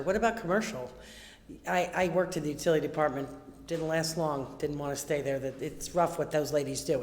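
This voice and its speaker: A woman's voice: low voice, darkish tone. A woman resident speaking at public comment, blunt and concerned and full of questions. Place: town meeting room. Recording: echoey hall with long reverb.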